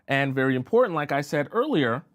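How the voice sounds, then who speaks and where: A male dating coach talks on a live stream, emphatic and direct. He keeps checking in with his viewers. His voice sits a little high and moves up and down a lot. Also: big pitch swings, brisk. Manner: emphatic, keeps asking "right?" and "okay?".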